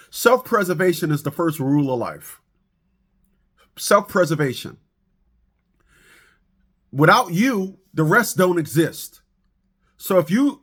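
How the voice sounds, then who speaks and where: Preachy, animated man with stammering restarts. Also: a little high. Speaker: commentator on fathers and child support. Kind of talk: animated monologue to camera.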